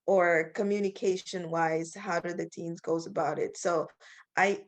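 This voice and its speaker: A woman joining a webinar discussion over a video call, speaking hesitantly with many restarts and fillers. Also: fairly low pitch. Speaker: webinar participant.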